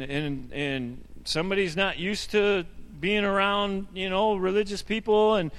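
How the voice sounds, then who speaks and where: A male pastor with a notably high voice delivers a sermon in an easy, conversational way, stumbling over repeated words and throwing in asides. His voice rings out with the long reverb of a church sanctuary. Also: a bit bright, clean tone. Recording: hall reverb.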